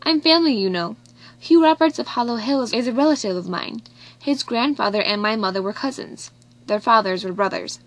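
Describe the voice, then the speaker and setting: A woman's voice: on the high side, expressive, a little fast. Woman reading as a teasing, cheerful man. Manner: mocking, carelessly amused.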